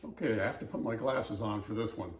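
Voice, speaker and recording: A man's voice: on the low side, fairly quick, roomy sound, rough recording. An older man from Southern California who tells anecdotes in an easygoing, wry, anecdotal way and reads a passage aloud for a voice-over audition. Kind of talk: casual storytelling and read-aloud passage.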